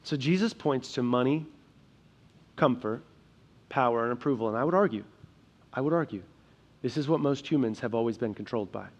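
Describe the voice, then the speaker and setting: A young man serving as pastor delivers an earnest sermon in a church sanctuary, alternating hushed emphasis with loud, urgent stretches. He speaks briskly in a mid-range voice, pausing often, and the audio sounds dull.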